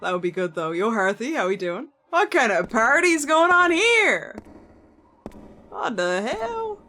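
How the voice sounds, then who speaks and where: A woman's voice: a little high, very animated, measured pace, bright, forceful tone, slight background noise. A woman streaming a horror game, chatting and joking as she plays, swearing casually and talking back to the characters. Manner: talks to the game's characters. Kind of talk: live gameplay commentary.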